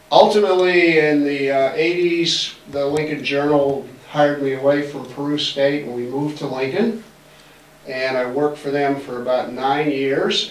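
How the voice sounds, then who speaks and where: A man in his sixties from Massachusetts, with a faint local accent and a mid-range voice, gives a folksy, joking storytelling lecture in a library auditorium, acting out the voices of the people he quotes. The hall is roomy, the mic distant, and there's slight background noise.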